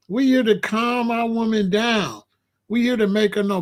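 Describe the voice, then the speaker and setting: High-voiced man preaching emphatic commentary. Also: slow. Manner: preachy, emphatic, repeats himself. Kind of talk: monologue commentary to camera.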